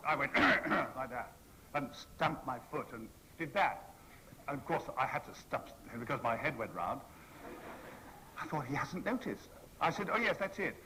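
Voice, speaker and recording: A man in his sixties holds a convention audience with a rambling anecdote, his bright, ringing voice leaping up and down as he acts out each person he quotes. He speaks into a stage microphone in a hall with a faint hum of noise behind him. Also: mid-range voice. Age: 60s. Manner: theatrical, playful, acts out the people he quotes. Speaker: convention panel guest.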